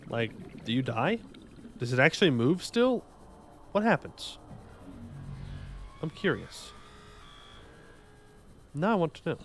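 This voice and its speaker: A man's voice: fairly high pitch, sing-song, slow, pauses often, a little hiss or hum. Joking young man streaming a game. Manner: joking, rambling, bantering with chat. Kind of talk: casual gaming livestream commentary.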